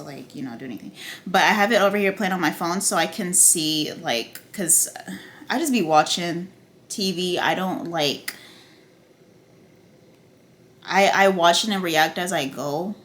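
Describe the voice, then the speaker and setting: Bright-voiced woman ranting a TV recap. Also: fairly low pitch. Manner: profane, excitable ranting with frequent fillers. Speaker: TV recap vlogger. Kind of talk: casual TV recap and review.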